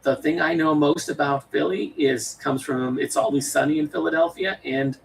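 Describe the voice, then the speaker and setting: American male streamer, gravelly, rambling casual chat, a bit off-mic with faint room hiss. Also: on the high side, fairly even intonation, normal speed, recorded from a distance, low-quality recording. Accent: General American. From western United States. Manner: rambling, many fillers and restarts. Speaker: livestream host.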